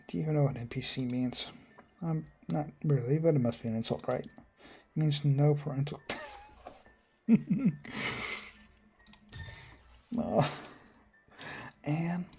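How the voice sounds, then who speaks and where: A man reads a visual novel's lines aloud, voicing the cast himself. His voice is gravelly and a little husky, with a mellow, dark tone. He moves quickly and stumbles, often restarting words mid-line. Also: a little high. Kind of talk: reading game dialogue aloud.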